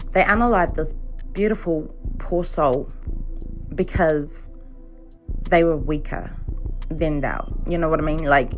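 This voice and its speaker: A woman giving a casual psychic reading, swearing freely, laughing often and checking in with "okay?" as she talks. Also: low voice. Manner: profane, laughs often, keeps asking "okay?". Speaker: psychic reader. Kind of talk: casual tarot reading monologue.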